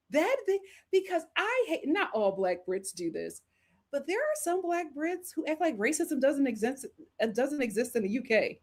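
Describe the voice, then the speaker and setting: A woman from Philadelphia with a fairly high voice hosts a live stream and reads viewer comments aloud. She reacts with heat and animation and laughs easily as she talks. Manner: animated, heated and quick to laugh. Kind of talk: live chat-reading commentary.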